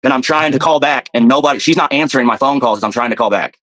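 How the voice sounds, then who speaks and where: A man's voice: medium pitch, quick pace, a bit bright. A man telling his story in casual, rambling talk, profane and full of fillers.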